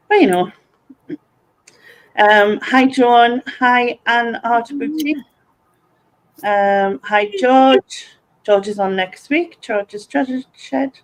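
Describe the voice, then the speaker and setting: A woman's voice: fairly high pitch, drawn-out words, pauses often, clear, resonant tone, rough recording. A woman from North East England with a Sunderland accent, hosting a casual livestream and chatting while reading viewer comments aloud. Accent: Sunderland (Mackem). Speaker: livestream host.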